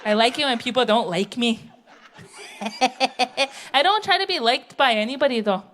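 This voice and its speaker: Woman stand-up, middle-aged, blunt and brash, pitched a bit high, stage mic in a theatre. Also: sing-song, moderate pace, fairly bright tone. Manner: blunt, brash, tell-it-how-it-is. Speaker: stand-up comedian. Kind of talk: stand-up comedy set. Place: theatre stage, live audience.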